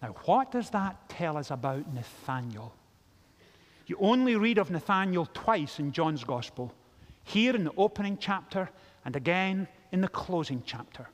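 High-voiced preacher in a reverberant church. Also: male voice. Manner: animated storytelling, acting out the characters' voices. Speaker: pastor. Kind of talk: sermon. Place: large church.

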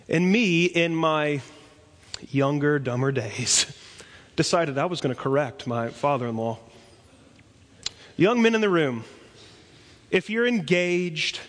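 A man preaching a sermon as pastor, telling stories with lively swings from soft to loud. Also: fairly high pitch. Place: church sanctuary. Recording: long church reverb.

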